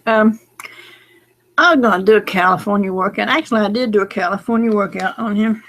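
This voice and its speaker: A woman's voice: mid-range voice, fairly quick, a bit bright. A middle-aged woman, talking in a late-night casual vlog, rambling and folksy, drowsy and close to tears. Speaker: lottery number vlogger.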